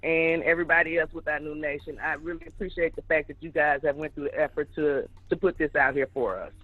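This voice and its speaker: A woman's voice: deep voice, fairly even intonation, quick pace, no echo, narrow, tinny audio. A woman in her fifties with a Southern US accent, calling in and chatting with good humor and laughter. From American South. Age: 50s. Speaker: caller. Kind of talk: casual call-in chat.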